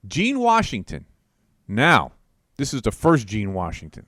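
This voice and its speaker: A man's voice: mid-range voice, huge pitch swings, slow, fairly bright tone, no room sound, clean studio sound. A man in his seventies co-hosting a podcast, reminiscing about sports with chuckles and enthusiasm. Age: 70s. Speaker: podcast co-host. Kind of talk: casual podcast chat.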